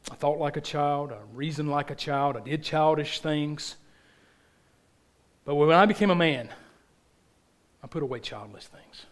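A man preaching a sermon in a church, earnest and repetitive, often dropping soft at the ends of phrases. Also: on the high side, steady tone, moderate pace, long pauses. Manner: earnest, repeats phrases for emphasis, drops soft at line ends.

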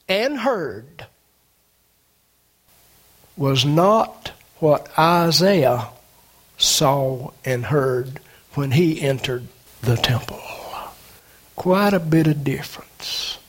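A man preaching a sermon, animated, with dramatic swings in pitch and loudness.

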